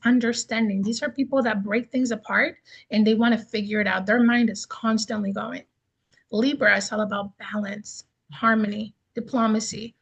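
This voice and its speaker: Husky chatty woman teaching a class. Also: on the high side, low-quality recording. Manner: chatty, listing terms then riffing with examples. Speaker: astrology teacher. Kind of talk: casual online class lecture.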